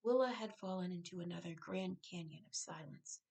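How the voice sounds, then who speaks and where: A woman author reading her own novel aloud, now and then breaking off to correct herself or make a quick aside. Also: on the low side, a little mellow, slightly rough, rough recording.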